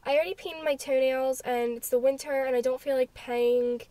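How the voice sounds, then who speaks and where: High-voiced young woman with a South Jersey accent. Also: fairly even intonation, moderate pace, dark tone. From New Jersey, USA. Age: young adult. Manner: chatty, giggly, talks to the camera. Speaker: vlogger. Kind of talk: casual vlog chat.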